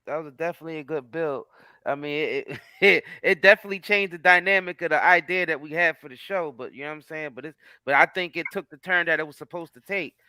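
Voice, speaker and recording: A man's voice: fairly high pitch, fast talker, sharp tone, smooth, dry recording. A man hosting a casual online show over a video call, laid-back and slangy, often repeating his phrases. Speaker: host.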